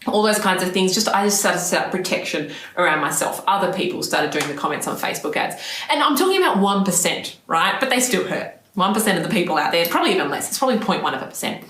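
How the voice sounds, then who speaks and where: A woman with a lowish voice gives encouraging advice to other business owners. She repeats her key phrases and keeps checking in with her listeners. The room around her rings with a noticeable echo. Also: sing-song, fast talker, fairly bright tone. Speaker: business coach. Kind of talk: direct-to-camera advice talk.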